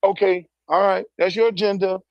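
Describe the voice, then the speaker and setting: List: man, raspy fry in the voice, close dry recording, angry ranting, cussing, repeated questions. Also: sits high, fairly even intonation, normal speed, no room sound, dull audio. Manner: fiery, profane, repeats rhetorical questions. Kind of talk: heated political rant.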